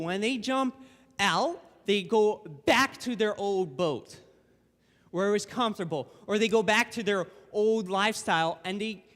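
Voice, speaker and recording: A young man preaching a casual, conversational sermon as a guest speaker in a church. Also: sits high. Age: young adult. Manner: casual and conversational, acting out quotes. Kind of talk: informal sermon. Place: church sanctuary. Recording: long church hall reverb.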